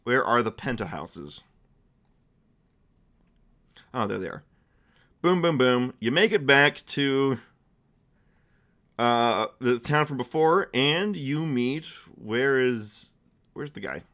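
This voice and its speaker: A man's voice: medium pitch, animated, slow, pauses often, fairly bright tone. A man streaming as game master, narrating a tabletop game in a rambling, playful way. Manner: rambling and playful, with many restarts and fillers.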